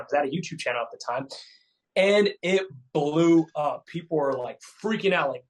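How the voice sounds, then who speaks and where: A man's voice: fairly high pitch, normal speed, low-quality recording. A man in his thirties, a fitness coach telling his story as a guest in a casual, chatty way, full of fillers and repeats. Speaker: keto coach, podcast guest.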